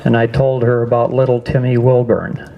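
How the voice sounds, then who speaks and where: A man's voice: medium pitch, monotone, gravelly, lo-fi sound, a little hiss or hum. Earnest older man giving testimony. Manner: halting, earnest, with restarts. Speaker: guest speaker. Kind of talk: personal testimony speech. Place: school assembly.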